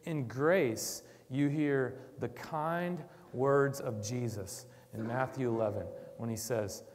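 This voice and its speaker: A man giving a conversational sermon to a church, moving from quiet reflection to loud, emphatic urging. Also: mid-range voice, takes it slowly, in a large hall, a little hiss or hum. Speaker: church speaker.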